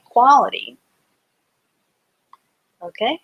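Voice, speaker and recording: Slow, patient woman teaching reading. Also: mid-range voice, steady tone, rough recording. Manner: slow, patient, sounds words out letter by letter. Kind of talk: live online reading lesson.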